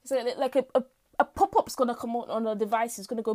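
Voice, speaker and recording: On a home mic, a tired, lightheaded teen girl hosts her podcast with an improvised, playfully dramatic ramble. Her voice is on the high side and a bit mellow, steady in tone, and she talks fast.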